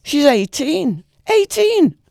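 A woman's voice: medium pitch, animated, moderate pace, creaky, darkish tone, no echo, studio quality, pitched above the performer's own voice. A woman voicing a fretful, possessive old grandfather who mutters and pleads bitterly. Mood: angry outburst.

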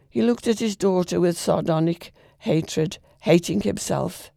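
A woman reading a literary short story aloud in a measured, expressive way. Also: on the low side, creaky, no room sound, studio quality. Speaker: reader.

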